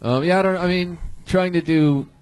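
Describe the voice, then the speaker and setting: A man on a comedy show panel giving a guest thoughtful, halting feedback. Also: high voice, a little mellow. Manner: halting, thoughtful advice with restarts. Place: comedy club stage.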